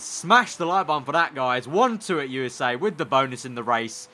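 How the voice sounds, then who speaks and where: A young man from the United Kingdom commentating on his racing management gameplay, talking excitedly and pleading with the screen. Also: mid-range voice, a little fast. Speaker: gaming YouTuber. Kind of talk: let's play commentary.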